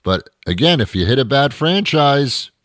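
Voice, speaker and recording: A man's voice: mid-range voice, big pitch swings, moderate pace, a bit bright, dry recording, studio quality. A man hosting a comedy show, delivering a rambling, grumbling monologue with stammered restarts.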